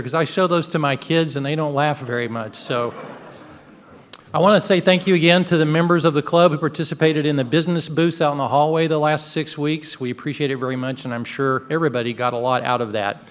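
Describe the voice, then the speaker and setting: A man's voice: fairly high pitch, quick pace, some chatter behind. A man, the club president, giving upbeat, joking announcements at a meeting. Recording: long reverb of a large hall.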